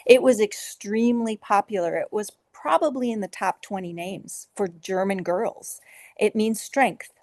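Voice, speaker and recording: A woman's voice: medium pitch, dry recording, studio quality. A middle-aged woman, an author being interviewed, telling her story earnestly and with feeling. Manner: earnest, emotional, with soft laughs and filler restarts. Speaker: author guest.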